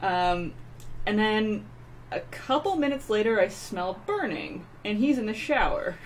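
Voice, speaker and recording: A woman co-hosting a casual chat show, telling stories and getting loud as she acts out her anger. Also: medium pitch, a little slow, slight background noise, low-quality recording. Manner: animated storyteller, gets loud acting out her anger. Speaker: podcast co-host.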